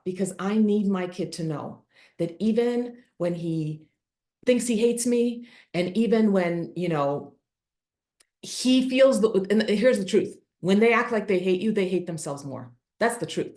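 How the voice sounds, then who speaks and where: A woman's voice: medium pitch, a little mellow. A middle-aged woman, a podcast guest, telling a personal story earnestly and emotionally, acting out what she and her son said. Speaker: podcast guest, author and speaker. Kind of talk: candid interview storytelling.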